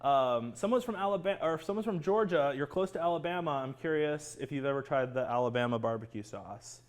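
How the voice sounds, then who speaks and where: A man hosting a live cooking class, chatty and excitable, greeting viewers by name. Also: a little high, fairly quick.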